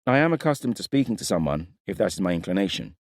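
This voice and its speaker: A man voicing a proud young prince who speaks in a cold, commanding, measured way. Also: low voice, very animated, no echo, clean studio sound, pitched above the performer's own voice. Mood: coldly menacing. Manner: imperious, coldly measured.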